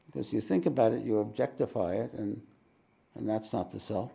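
A gravelly, darkly mellow male voice, thick with vocal fry. He teaches a live satsang at an ashram, musing reflectively and slipping in wry jokes between his points. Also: fairly low pitch, fairly quick. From New York. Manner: reflective, with wry joking asides. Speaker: spiritual teacher. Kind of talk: live satsang talk with readings. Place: ashram meeting hall.

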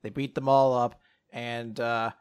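A young man co-hosting a podcast, casually recapping an anime, animated, swearing and acting out quotes. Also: medium pitch, a little slow, smooth. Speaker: podcast co-host.

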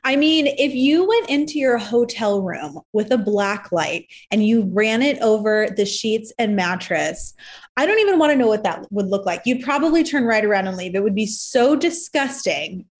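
A woman co-hosting a talk show, speaking quickly and emphatically with an exasperated tone. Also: a little high, lively intonation. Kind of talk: casual opinion chat.

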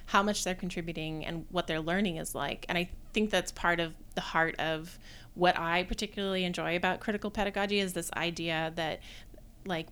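Woman academic guest, low-ish smooth voice, reflective, unhurried delivery. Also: a bit bright. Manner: thoughtful, measured, frequent um fillers. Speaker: guest, theatre design professor. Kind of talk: conversational podcast interview.

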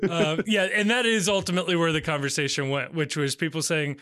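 A man's voice: on the high side, steady tone, a little fast, pushed and bright, no echo, studio quality. Amused man reading comments aloud. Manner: amused, laughs often. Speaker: podcast co-host. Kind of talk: casual chat, reading out comments.

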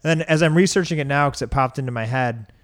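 Casual, frank man with a smooth voice. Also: medium pitch, quick pace. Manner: rambling, frank, laughs easily. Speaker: podcast co-host. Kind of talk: casual chat.

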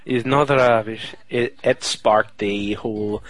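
A man's voice: lowish voice, fairly even intonation, takes it slowly, fairly bright tone, no echo, low-quality recording. A man co-hosting a podcast in casual chat, rambling, joking and correcting himself as he goes. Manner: rambling, jokey, self-correcting. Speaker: podcast co-host.

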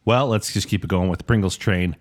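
A man co-hosting a casual chat podcast with a fairly low-pitched voice. He tells easygoing, rambling anecdotes and moves the segments along in a relaxed way. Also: brisk. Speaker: podcast co-host.

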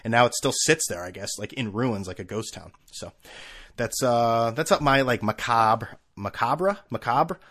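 A man hosting his own podcast at home on a desk microphone, ranting casually with profanity and sarcasm, swinging between low mutters and loud outbursts. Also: animated, normal speed. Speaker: podcast host. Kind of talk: casual solo podcast rant. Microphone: desk microphone with camera.

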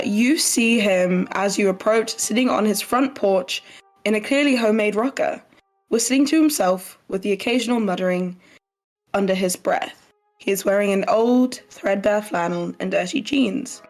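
Woman game master, mid-pitched, narrating a tabletop scene, halting with fillers, faint music behind. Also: darkish tone.

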